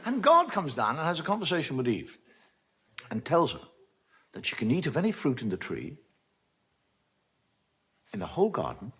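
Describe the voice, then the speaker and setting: A man's voice: on the high side, huge pitch swings, normal speed, long pauses, a bit bright. A man doing stand-up storytelling on stage, telling jokes in a wry, dry way. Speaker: stand-up comedian. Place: stage before a live audience. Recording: noisy archive TV recording.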